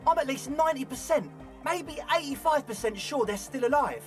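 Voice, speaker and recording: A high-voiced laid-back young raver. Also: male voice, lively intonation, fairly quick, faint music behind. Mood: easygoing. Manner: casual, laid-back reassurance. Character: earnest young raver, easygoing and hopeful. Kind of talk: game dialogue.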